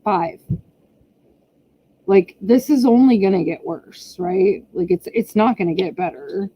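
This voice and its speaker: A woman's voice: mid-range voice, measured pace, dark tone, slight background noise. A woman hosting a casual livestream from home, talking in a chatty, exasperated way about her kids. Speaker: channel host. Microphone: camera pointed down. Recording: slightly muffled lo-fi audio.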